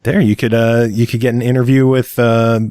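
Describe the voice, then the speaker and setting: A man's voice: mid-range voice, little pitch movement, brisk, a little mellow, smooth, no echo, studio quality. A man hosting a podcast who chats casually and tosses in jokes. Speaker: podcast host.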